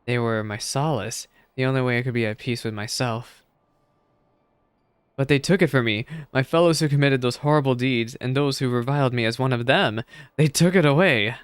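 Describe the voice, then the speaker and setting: A man's voice: medium pitch, a little fast, hardly any pauses, smooth, no room sound, lightly acted. Man reading a nervous, earnest merchant for a game; hesitant and pleading, clean and dry. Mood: anxious, pleading. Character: timid, anxious former merchant man, pleading. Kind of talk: reading game dialogue aloud.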